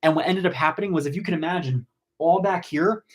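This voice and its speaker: Chatty man from New Jersey. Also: fast. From New Jersey, USA. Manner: chatty and rambling, many fillers, sudden excited pitch jumps. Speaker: cosmetology educator and host. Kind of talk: casual live-stream Q&A reading viewer comments.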